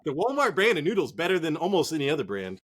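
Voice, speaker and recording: A man's voice: fairly high pitch, huge pitch swings, fast, husky. A man co-hosting a fantasy football show from a cold garage, rambling and joking with plenty of swearing. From Northern California. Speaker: podcast co-host. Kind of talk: casual profane sports chat.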